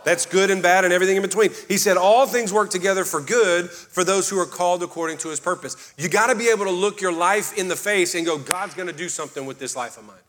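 Man, pastor, fervent sermon, slightly high voice, quiet to loud swings. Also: quick pace, hardly any pauses.

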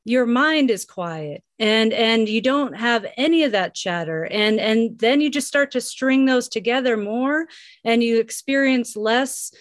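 A woman's voice: fairly high pitch, expressive, unhurried, no echo, studio quality. A woman co-hosting a casual podcast chat, reflective and rambling, laughing often.

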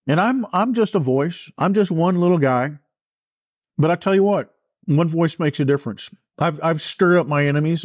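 Male commentator, impassioned and repetitive, slightly raised pitch, dry booth. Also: dry recording. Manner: fervent, repetitive, preacher-like cadence. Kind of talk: impassioned political monologue.

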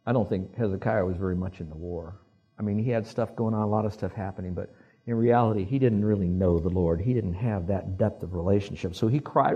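Husky-voiced male preacher. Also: fairly low pitch, a little fast, narrow, tinny audio. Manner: conversational preaching with audience call-and-response. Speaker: pastor. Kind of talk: sermon.

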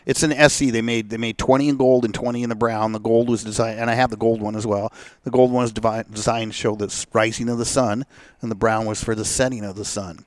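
A man's voice: fairly low pitch, quick pace, no echo. Laughing storyteller man, dry mic. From Seattle area. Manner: animated, acts out quoted voices, laughs often. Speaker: guest telling a car story. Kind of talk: casual storytelling chat.

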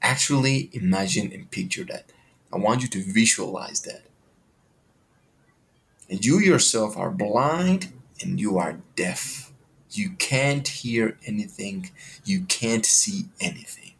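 A man's voice: on the low side, expressive, takes it slowly, vocal fry, fairly bright tone. A man hosting a podcast, talking in a motivational monologue that is full of questions and casual swearing.

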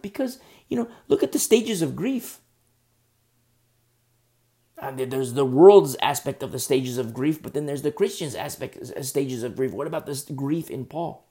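A preacher with a medium-pitched voice speaks at normal speed, leaving long pauses as he retells scripture. His sermon unfolds like a lively, conversational story, with asides directed at the congregation.

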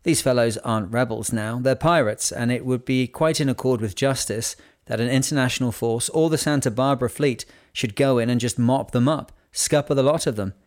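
A man narrating a novel in a measured, unhurried reading voice. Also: medium pitch. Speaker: audiobook narrator. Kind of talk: scripted narration.

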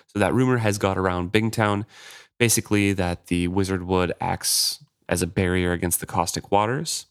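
A man's voice: sits low, steady tone, normal speed, no room sound, clean studio sound. A man casually retelling the plot of a novel, reading passages aloud and paraphrasing with loose fillers. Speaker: book discussion podcaster.

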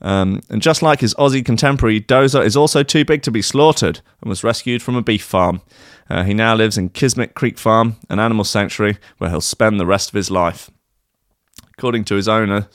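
A man's voice: on the low side, no echo, clean studio sound. A man casually reading strange news stories aloud, rambling with frequent fillers and sarcastic asides. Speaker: podcast host reading odd news stories.

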